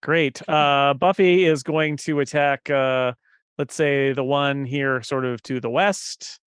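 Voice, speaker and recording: A man playing a tabletop game, with wry, quick asides. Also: medium pitch, steady tone, fairly bright tone, clean tone, no echo, studio quality. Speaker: player.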